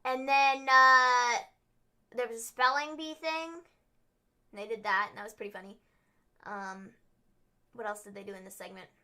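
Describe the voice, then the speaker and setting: A young woman co-hosts a casual livestream recap. She talks chattily, with plenty of fillers and little acted-out voices. Her tone is bright and sits a bit high. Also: steady tone, normal speed, long pauses, smooth. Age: young adult. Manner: chatty, filler-heavy, acts out quotes in silly voices. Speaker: wrestling show co-host.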